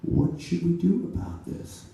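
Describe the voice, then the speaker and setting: A man voicing a stiff, formal, middle-aged father who disapproves, speaking slowly and primly. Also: on the high side, huge pitch swings, vocal fry, voice pushed up, exaggerated voice. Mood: prim, disapproving. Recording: echoey venue, distant mic, audience noise.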